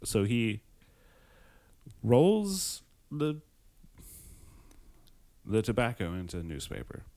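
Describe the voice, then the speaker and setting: Male co-host, crude jokey chat, swears a lot, lively swooping pitch. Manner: crude, swearing and joking, halting restarts. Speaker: podcast host. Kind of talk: casual chat.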